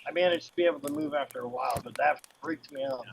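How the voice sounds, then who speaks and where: A man's voice: fairly high pitch, quick pace, gravelly, a little hiss or hum, low-quality recording. A man chatting casually on a podcast. He rambles through a personal story, restarts his sentences and laughs often as he talks.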